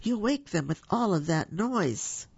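A timid little male monster from a storybook, as a woman reads him, his husky voice pitched up and fretful. Every small noise sets him trembling. The recording is dry and a bit dull. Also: big pitch swings, a little slow, a little mellow, no echo, exaggerated voice. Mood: frightened.

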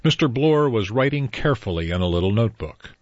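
A man reading a novel aloud as narrator, measured and even, in a dull, dry recording. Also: mid-range voice, no echo. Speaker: audiobook narrator. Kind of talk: scripted narration.

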